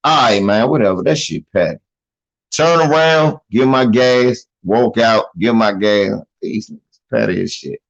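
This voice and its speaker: A man giving casual, profane commentary on a video, animated and laughing, often mimicking the people in it. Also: lowish voice, measured pace, vocal fry, lo-fi sound.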